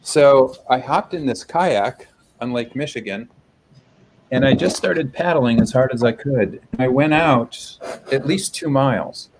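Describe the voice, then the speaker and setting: A man being interviewed over a video call, telling a personal story in a reflective, halting way. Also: medium pitch, a little hiss or hum, low-quality recording. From United States. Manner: reflective, halting, with soft restarts. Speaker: guest, public health professor.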